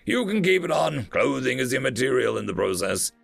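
A man voicing a pompous, hot-tempered male alien priest who barks raspy commands. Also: medium pitch, sing-song, brisk, no room sound, soft background music, pitched above the performer's own voice, exaggerated voice. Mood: furious. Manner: shouting, commanding.

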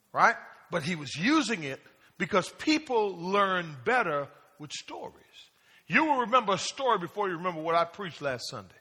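A male pastor preaches with a high, lively voice that swoops up and down. His tone is bright and a little husky. He keeps calling out questions to the congregation, and his words ring through a big church hall with a long reverb. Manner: call-and-response preaching, asks the congregation questions; plain-spoken, acts out casual prayers. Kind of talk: sermon. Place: church sanctuary.

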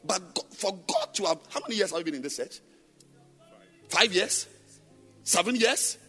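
A man preaching a sermon in a church on a microphone, emphatic and rhetorical, firing repeated questions at the congregation and swinging between loud sing-song chanting and low murmurs. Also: big pitch swings, normal speed, faint music behind. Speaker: pastor.

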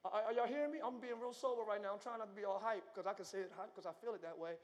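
A male pastor preaching a live sermon in a large church, moving from hushed talk to shouting. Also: sits high, racing. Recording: long church hall reverb.

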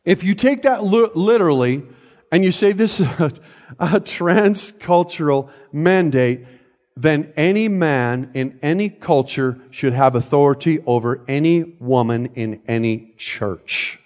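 Speaking a little slowly in a fairly high, slightly mellow voice, this older pastor delivers a sermon from the pulpit of a church sanctuary with a big, roomy sound. His style is relaxed and chatty, full of joking asides and frequent check-ins with the people listening.

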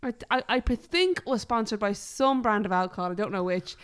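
A woman's voice: medium pitch, brisk, smooth. Irish woman podcast cohost, chatty and jokey, swears a lot. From Ireland. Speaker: podcast co-host. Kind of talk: casual chat.

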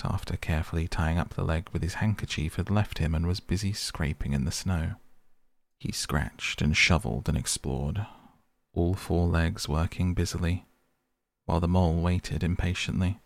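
A man narrating a storybook in a measured, steady reading voice. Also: low voice, gravelly, no room sound. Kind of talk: audiobook narration.

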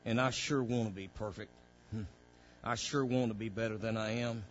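A man preaching a sermon as pastor, calling out to the congregation and swelling into fervent, loud passages. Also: fairly low pitch, fairly even intonation, normal speed, dull audio, faint music behind. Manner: preaching with call-outs to the congregation, rising to loud fervor.

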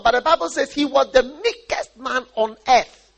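A man from Ghana preaching a sermon, animated and often repeating and restarting his phrases. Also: very high voice, moderate pace, vocal fry.

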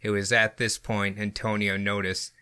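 A man's voice: on the low side, little pitch movement, normal speed, sharp tone, clear, resonant tone. A man hosting a podcast, reading out a story in a casual way and laughing often. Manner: giggly, often laughing through his reading. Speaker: podcast host and story narrator.

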